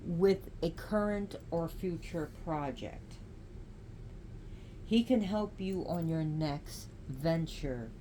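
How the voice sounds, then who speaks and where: Slow, halting woman explaining spiritual cards. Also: lowish voice, mellow, slight background noise. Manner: unhurried and halting, with frequent restarts. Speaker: spiritual practitioner presenting oracle cards. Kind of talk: casual spiritual vlog explanation.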